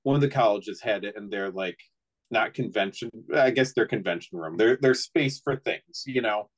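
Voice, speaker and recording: A man's voice: on the low side, normal speed, low-quality recording. A middle-aged man on a casual chat show, rambling through an anecdote with many restarts. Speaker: co-host.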